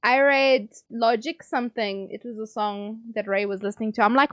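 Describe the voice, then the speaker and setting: A woman's voice: fairly high pitch, steady tone, moderate pace, fairly bright tone, no room sound, clean studio sound. A woman streamer from England chatting casually with her stream chat, teasing and joking as she reads messages aloud.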